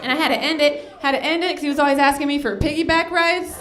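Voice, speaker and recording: A woman performing a stand-up comedy set with a deadpan delivery, acting out dialogue in other voices. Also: sits high, fast talker, crowd noise, noisy background. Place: comedy club stage with a crowd. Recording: echoey club with audience.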